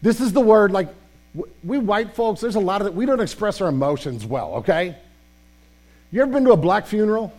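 A man preaching an Easter sermon with passion, sometimes dropping his voice low and quiet. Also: big pitch swings, a little fast. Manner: impassioned, drops to a hushed voice for tender passages. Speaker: pastor.

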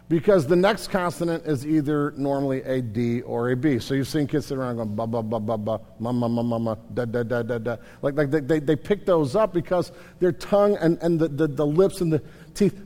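Pastor, male, higher register, animated conversational delivery with restarts; hall reverb. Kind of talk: sermon.

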